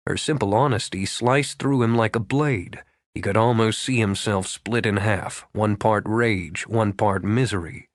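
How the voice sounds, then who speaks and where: A man reading a romance audiobook aloud, with expressive storytelling. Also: fairly low pitch, unhurried, no echo, studio quality. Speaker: audiobook narrator. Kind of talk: scripted narration.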